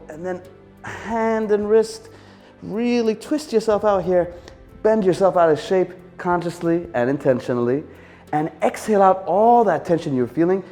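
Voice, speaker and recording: Lively, encouraging male exercise instructor. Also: fairly high pitch. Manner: calm, encouraging, coaching through movements with sighs.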